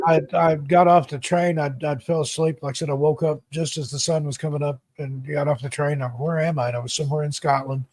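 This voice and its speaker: A man's voice: a little high, flat delivery, a little fast, few pauses, a little mellow, no room sound. American guy chatting casually, rambles through stories, trips over his words, dry mic sound. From United States. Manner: rambling storyteller, stammers on restarts. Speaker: guest author and YouTuber. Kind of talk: casual chat.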